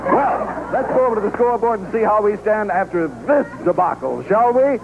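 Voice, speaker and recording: A man hosting a game show, brisk and wry, on a noisy old 1960s television broadcast. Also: sits high, animated, vocal fry.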